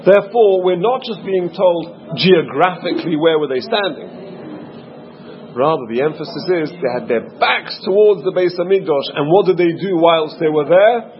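A man's voice: on the high side, moderate pace. A man teaching a Talmud class, explaining by asking questions and answering them himself. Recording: dull lo-fi recording with audience noise.

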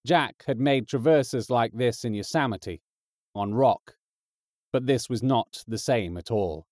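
Reading audiobook narration, a man keeps a steady, measured delivery at a middle pitch. The recording sounds dry and close, with no echo.

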